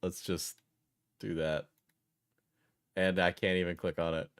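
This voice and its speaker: A young man from New England rambles through a reaction stream with blunt, profane remarks. His voice sits fairly low, and the sound is dry and close with no room echo. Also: flat delivery, a little slow, clean tone. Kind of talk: casual reaction commentary.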